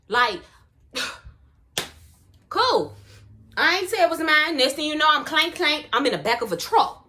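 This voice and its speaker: A young woman, telling a personal story in a casual, slangy and expressive way. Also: high-pitched, unhurried, long pauses. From Miami, US. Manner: animated, slangy, expressive retelling.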